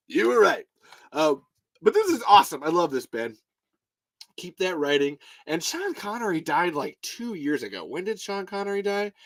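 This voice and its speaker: A man hosting a casual livestream, reading comments aloud in an excitable, rambling way and swearing often. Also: on the high side, a little slow, dry recording. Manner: excitable, swears a lot, jumps between topics. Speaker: livestream host.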